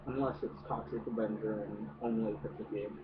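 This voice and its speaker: A man's voice: lowish voice, level tone, a little fast. A man giving a casual, profane movie rant, hesitant and full of fillers. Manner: hesitant, many fillers, swears a lot. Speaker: movie reviewer. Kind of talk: casual ranting film review. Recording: distant noisy phone-like audio.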